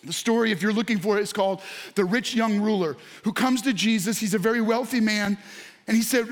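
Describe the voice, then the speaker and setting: A man preaching a sermon, speaking straight to his congregation and online viewers and breaking into excited shouts. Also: high-pitched, fairly quick. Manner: animated, bursts into excited shouts. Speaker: pastor.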